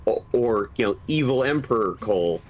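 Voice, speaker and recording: A man with a husky voice from a cold, chatting casually and eagerly explaining game lore while streaming. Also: lowish voice, expressive, normal speed, poor audio. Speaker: gaming streamer. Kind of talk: casual gaming stream chat.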